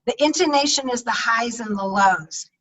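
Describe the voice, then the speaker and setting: Energetic woman coaching over a video call. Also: on the high side, normal speed. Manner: energetic, emphatic, conversational. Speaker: speaking coach. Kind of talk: webinar talk on public speaking. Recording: distant-sounding video call audio.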